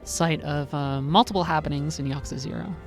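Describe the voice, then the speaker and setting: A woman co-hosting a casual gameplay chat, animated and quick to act out quotes in put-on voices. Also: sits low, over music. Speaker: co-host.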